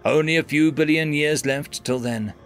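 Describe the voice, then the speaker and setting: A man's voice: fairly high pitch, moderate pace, fairly bright tone, faint music behind. A man narrating a scripted science fiction story in a dramatic, dry manner.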